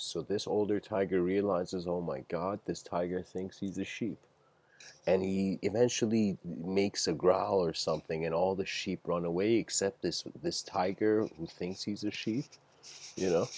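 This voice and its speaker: Deep-voiced man giving a rambling talk. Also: a little mellow. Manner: rambling, heavy use of "like" fillers. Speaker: lecturer. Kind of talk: casual livestreamed talk.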